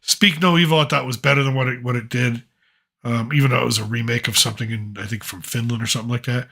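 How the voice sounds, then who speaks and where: A man's voice: medium pitch, steady tone, fast, gravelly, sharp tone. A middle-aged man hosting a casual chat, rambling and opinionated with plenty of fillers. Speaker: podcast host, father.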